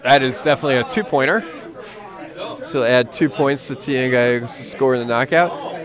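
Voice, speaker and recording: A man's voice: medium pitch, normal speed. A man giving casual, dry-humored commentary on a club curling match. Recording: dull audio with crowd behind.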